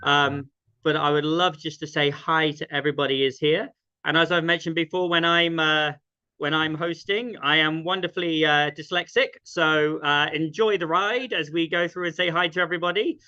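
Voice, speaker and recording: A man's voice: a little high, fairly even intonation, moderate pace, bright, forceful tone, smooth. A man hosting an online sing-along, chatty and self-deprecating, with many ums. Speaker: host. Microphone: video call. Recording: dull lo-fi video call audio.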